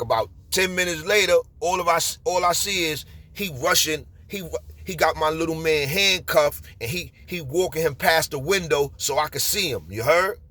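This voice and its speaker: A man in his forties with a New York accent, telling street stories in a casual, animated way. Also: on the high side. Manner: streetwise, animated, repeats "you heard?". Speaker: storyteller. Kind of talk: casual storytelling.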